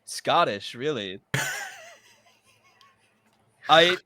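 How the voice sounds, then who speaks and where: A man's voice: medium pitch, animated, drawn-out words, bright, forceful tone. A man co-hosting a gaming podcast in casual chat, rambling and joking crudely. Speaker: podcast co-host.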